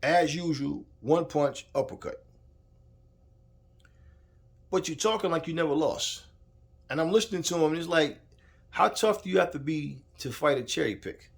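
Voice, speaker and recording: A man's voice: a little high, moderate pace, vocal fry, long pauses. Heated, profane man ranting. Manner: heated, profane, repetitive, talks straight at the subject. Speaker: boxing commentator. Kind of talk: casual ranting commentary.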